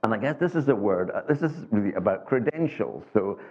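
A man delivers a sermon in a loose, conversational manner, stumbling over restarts and asking his listeners rhetorical questions. His voice is low and a little husky, and his pitch rises and falls in a lively way. The sound is thin and tinny, as if it came over a phone line. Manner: conversational, halting with many restarts and rhetorical tags. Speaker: preacher.

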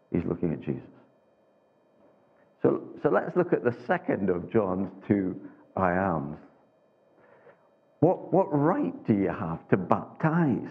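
A man's voice: fairly low pitch, slightly rough. A man preaching a sermon in a conversational way, full of restarts and rhetorical questions. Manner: conversational, halting with many restarts and rhetorical tags. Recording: tinny phone-like sound.

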